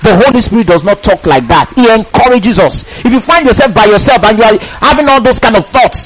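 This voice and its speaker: A man preaching a sermon, emphatic and repetitive, bursting into shouts. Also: sits high, lively intonation, fairly quick, slight background noise, rough recording.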